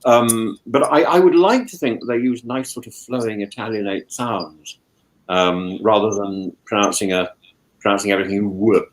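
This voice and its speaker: A man hosting a casual chat, talking with many restarts and repeated words and animated asides. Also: lowish voice, normal speed, low-quality recording. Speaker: podcast host, professor. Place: home in lockdown.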